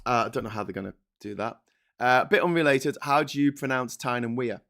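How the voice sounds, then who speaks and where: A man's voice: mid-range voice, brisk, vocal fry, fairly bright tone. A man hosting a casual livestream from home, reading chat aloud and ranting sarcastically, laughing between lines.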